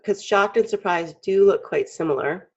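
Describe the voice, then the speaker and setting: Husky-voiced woman teaching drawing. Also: mid-range voice, normal speed, a little mellow. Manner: chatty, clears throat often, acts out expressions. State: frog in her throat. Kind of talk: casual drawing tutorial. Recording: dull lo-fi recording.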